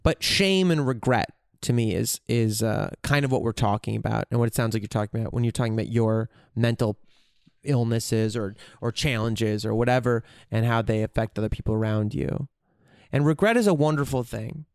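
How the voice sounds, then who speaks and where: Candid man talking, smooth dry voice. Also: mid-range voice, brisk, darkish tone, dry recording. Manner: candid, profane, searching for words. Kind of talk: reflective casual monologue.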